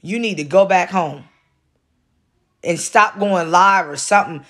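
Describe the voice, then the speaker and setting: A woman's voice: fairly low pitch, a little slow, a bit bright. Scolding woman ranting to camera. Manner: scolding, blunt and profane, repeats points for emphasis. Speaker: vlog commentator. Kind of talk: casual ranting commentary.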